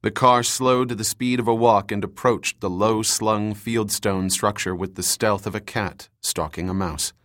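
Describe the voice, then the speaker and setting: Low-voiced male audiobook narrator. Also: fairly even intonation, fairly bright tone. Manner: measured, dramatic storytelling.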